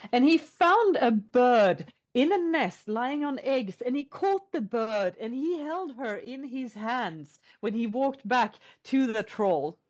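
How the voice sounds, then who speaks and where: A woman from Sweden, telling a folk tale as a podcast guest in a slow, reflective way. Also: sits high, darkish tone. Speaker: storyteller guest. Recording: dull lo-fi sound.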